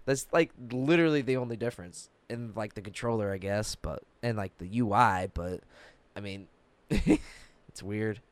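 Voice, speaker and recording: A man's voice: lowish voice, normal speed. A man hosting a casual chat, talking loosely with many fillers and laughing often.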